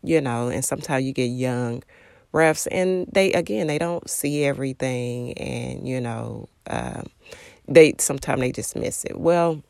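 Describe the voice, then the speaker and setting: A parent telling a devotional story in a rambling, halting way, full of fillers and restarts. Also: mid-range voice, vocal fry, darkish tone, no echo, clean studio sound. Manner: acts out quoted remarks in a raised voice.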